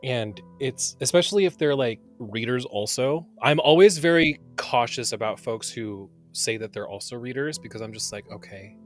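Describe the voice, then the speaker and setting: Animated man chatting casually. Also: mid-range voice, moderate pace, few pauses, faint music behind. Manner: expressive, swearing, many fillers and restarts. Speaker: podcast co-host and tarot reader. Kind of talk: casual chat.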